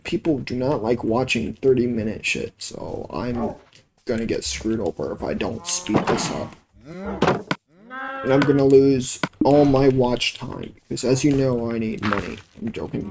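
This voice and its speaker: Man, casual gameplay commentary, rambling, profane, lively pitch, cheap home mic. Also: noisy background. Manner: rambling, profane, easily exasperated. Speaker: let's play gamer. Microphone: cheap home microphone. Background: background music.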